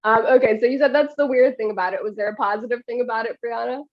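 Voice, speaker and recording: A woman's voice: a little high, fairly even intonation, quick pace, dull audio. A woman hosting a podcast, chatting casually with many fillers. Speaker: podcast host. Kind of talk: casual chat.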